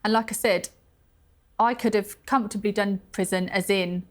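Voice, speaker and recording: A woman's voice: mid-range voice, steady tone, moderate pace. Woman, interview guest, earnest, emphatic, chatty. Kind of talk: conversational TV interview.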